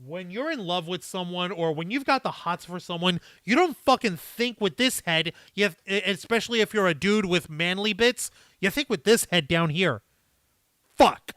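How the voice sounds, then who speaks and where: A man hosting a live stream, chatting casually and reading viewer comments in a profane, rambling, animated way. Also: high voice, moderate pace, dry recording.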